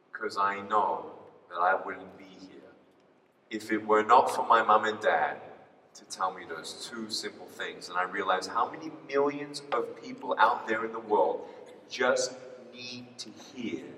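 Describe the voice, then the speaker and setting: A man giving a live motivational talk, telling a personal story in an animated way and acting out the dialogue. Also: on the low side, recorded from a distance, slight background noise. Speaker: motivational speaker. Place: large hall before an audience. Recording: echoey hall picked up from afar.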